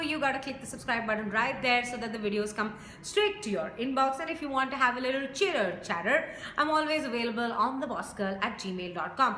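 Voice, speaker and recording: Bright-voiced woman vlogger in an echoey room. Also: on the high side, a little fast. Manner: enthusiastic, chatty. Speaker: TV reviewer vlogger. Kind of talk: casual video review. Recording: echoey room with faint noise.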